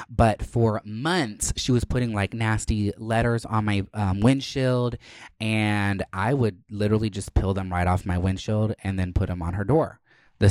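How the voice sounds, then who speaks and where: A man's voice: lowish voice, dry recording. A young man hosting a podcast, telling a story in a rambling, profane, casual way. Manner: rambling, profane, lots of "like" fillers. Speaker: podcast host. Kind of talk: casual chat.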